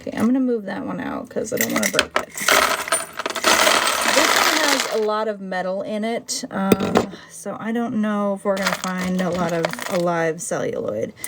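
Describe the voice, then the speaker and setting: A woman chatting casually on a livestream as she sorts her buttons, excitable and talking to them as she goes. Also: mid-range voice, unhurried, heavy background noise. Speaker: button seller sorting her finds on a livestream. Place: indoor room.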